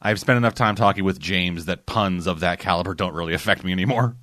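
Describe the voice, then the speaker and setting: A man's voice: low voice, fast talker, fairly bright tone, no echo. A man co-hosting a podcast in casual, dry, wry and profane chat. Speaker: podcast co-host.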